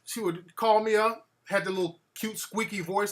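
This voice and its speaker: A man hosting his show, telling a comic story in an animated, profane way with laughs between lines. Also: high voice, normal speed, slight background noise. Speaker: show host.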